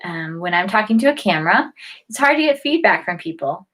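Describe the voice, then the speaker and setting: A woman's voice: medium pitch, big pitch swings, fairly quick, a bit bright, low-quality recording. A woman giving a casual health lesson to a camera, chatty, with many fillers and restarts, and yawning often as she talks. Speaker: health educator.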